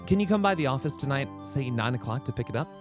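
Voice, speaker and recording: A man voicing a calm, caring older sister asking a favor over the phone. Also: mid-range voice, quick pace, over music, natural voice. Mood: gentle.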